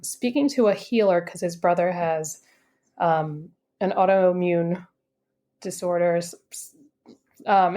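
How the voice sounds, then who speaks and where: A woman's voice: fairly low pitch, a little mellow. A woman guest who works as an intuitive coach tells a story in a casual, chatty way. She acts out the dialogue with shifts in her voice and fills her speech with "like" asides. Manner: chatty, many "like" and "I'm like" asides.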